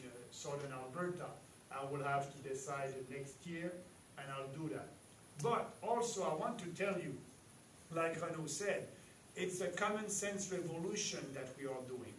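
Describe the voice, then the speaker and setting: A man with a French accent and French as his first language, giving a halting rally speech as a party leader with many pauses and emphatic rises. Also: on the high side. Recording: echoey hall, distant mic, faint noise.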